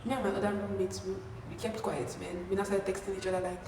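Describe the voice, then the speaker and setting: A young woman in her twenties with a Nigerian accent, telling a story in a chatty, animated way. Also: medium pitch, fast talker, far from the mic, background noise. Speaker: vlogger. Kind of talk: casual storytime. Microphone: camera mic from a distance. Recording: echoey room, no microphone.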